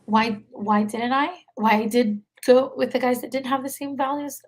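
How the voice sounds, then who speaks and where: A woman's voice: a little high, steady tone, normal speed, low-quality recording. A young woman in her twenties, a podcast guest, talking casually with many fillers and frequent laughs. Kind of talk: casual conversation.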